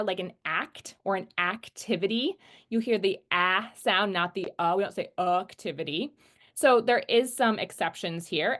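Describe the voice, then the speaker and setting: A woman teaching about word sounds, patiently explaining and slowly sounding out example words, often checking in with "right?". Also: medium pitch, a bit bright. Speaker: literacy teacher trainer. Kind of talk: instructional explanation.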